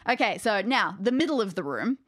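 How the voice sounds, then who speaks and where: A woman's voice: mid-range voice, big pitch swings, brisk, no echo, clean studio sound. A woman narrating a tabletop game as game master, describing scenes in a playful way.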